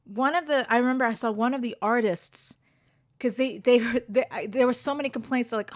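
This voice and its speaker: Brief: female co-host, casual chat, emphatic and enthusiastic, somewhat high voice. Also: normal speed. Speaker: podcast co-host. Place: home, live-streamed podcast.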